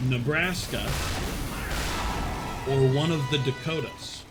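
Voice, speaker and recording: A man's voice: medium pitch, slow pace, over loud music. A man streaming, chatting casually with his viewers, rambling and swearing with frequent laughs. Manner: chats with unheard viewers, reads chat.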